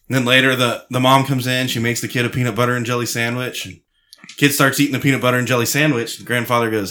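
A man in casual podcast banter with a bright, forward voice. He tells his story in a dry, deadpan way and swears freely. The tone stays loose and conversational. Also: mid-range voice, fast. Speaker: podcast co-host. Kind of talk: casual banter, telling a joke.

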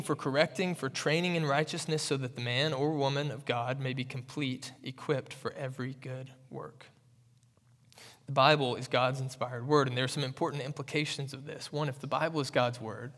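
A man preaching a sermon as pastor, earnest and emphatic, with measured rhetorical pauses. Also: medium pitch, fairly bright tone, big-room sound. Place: church sanctuary.

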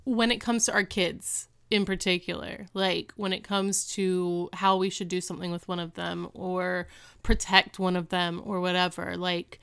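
Female podcast co-host in her thirties, smooth voice, dry close sound, chatty episode recap. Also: on the low side, moderate pace, no room sound. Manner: chatty, animated retelling with quoted voices. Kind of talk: casual chat recapping a TV episode.

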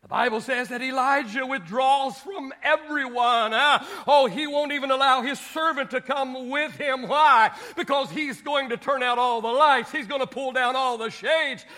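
A male pastor preaching a sermon in an animated way, acting out Bible scenes with humor. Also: very high voice, normal speed, few pauses.

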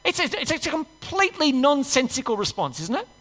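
A woman's voice: sits high, sing-song, fairly quick, a bit bright. A woman preacher giving a sermon in a church. She reads scripture and talks to the congregation in a conversational way, asking them rhetorical questions. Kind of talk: sermon with Bible reading. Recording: long church-hall reverb.

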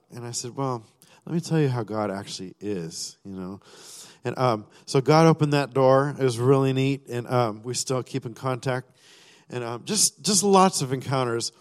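A man sharing a personal testimony during a sermon, rambling with many fillers and restarts, and acting out his own thoughts and prayers. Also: medium pitch. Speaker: church speaker sharing a testimony. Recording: long reverb of a large hall.

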